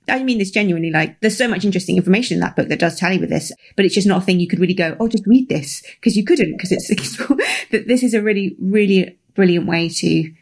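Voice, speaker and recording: Upbeat podcast co-host who laughs often. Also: medium pitch. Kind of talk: casual podcast conversation.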